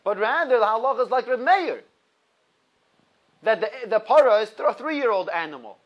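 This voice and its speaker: Man, 30s, high voice, teaching Torah with lively, emphatic storytelling. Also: moderate pace, muffled recording. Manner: laughs at his own stories. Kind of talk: explaining a religious text to a class.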